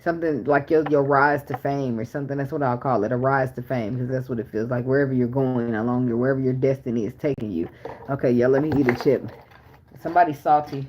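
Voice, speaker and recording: Blunt, animated woman tarot reader. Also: rumbling low, fast talker, a little hiss or hum, poor audio. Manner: blunt, profane, animated talk with rhetorical questions. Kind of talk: casual spiritual reading and rant.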